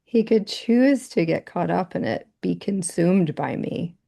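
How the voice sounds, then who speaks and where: Woman, workshop participant, chatty, low gravelly voice. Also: animated, a little slow, dark tone. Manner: chatty, quotes text, asks others in. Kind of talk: casual discussion.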